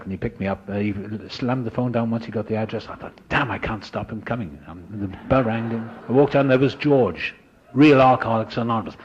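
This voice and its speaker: A man speaking at a recovery meeting, telling his story in a lively, dramatic way and acting out the voices of other people. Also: medium pitch, brisk, breathy edge. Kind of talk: storytelling talk. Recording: dull lo-fi recording.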